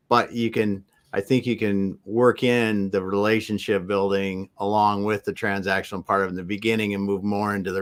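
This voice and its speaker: Low-voiced man hosting a podcast. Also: a bit bright, clean tone. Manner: easygoing, reflective, with many fillers. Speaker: podcast host. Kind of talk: casual conversation.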